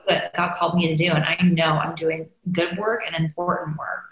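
A woman life coach speaks on a podcast in a reassuring, direct way. Her voice sits slightly low. The recording has a roomy echo around it. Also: level tone, a little fast. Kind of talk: coaching conversation as podcast guest.

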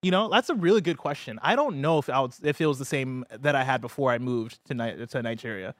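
A man's voice: medium pitch, quick pace, dry recording, clean studio sound. A man from the United States hosting a casual gaming news podcast, upbeat and laughing easily, sometimes tripping over words. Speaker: podcast host.

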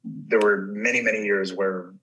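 A middle-aged actor as a guest in a casual chat, telling rambling stories full of restarts and swearing. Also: male voice, on the low side, steady tone, normal speed, fairly bright tone, low-quality recording.

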